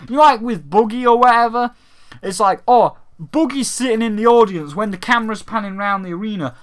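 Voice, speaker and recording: A man's voice: high-pitched, fairly quick, smooth. A young man ranting casually about a televised event, swearing often and breaking into mocking impressions of others. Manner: profane, animated, slips into mocking impressions. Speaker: gaming vlogger.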